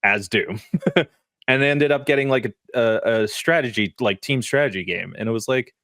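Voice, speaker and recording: A man co-hosting a casual game podcast, talking in an animated way with frequent laughs and fillers. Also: mid-range voice, moderate pace, no room sound, clean studio sound. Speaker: podcast co-host. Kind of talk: casual chat.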